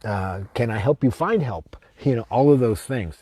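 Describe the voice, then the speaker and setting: A man, a shamanic drum healer, giving a heartfelt live-streamed spiritual talk, slow and repetitive with chanted invocations, teary-eyed and speaking to his own camera. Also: mid-range voice, animated, mellow, a little hiss or hum. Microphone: self-filmed camera.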